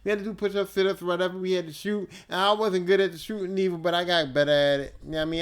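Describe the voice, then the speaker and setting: A male podcast host telling a casual story alone, laid-back, profane and animated. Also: high-pitched, rapid-fire, few pauses, clean tone.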